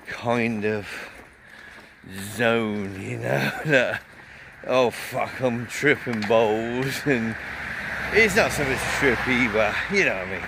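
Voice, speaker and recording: A man's voice: mid-range voice, vocal fry, sharp tone, a little hiss or hum. A man vlogging a casual, rambling festival review, swearing often and telling a story full of fillers.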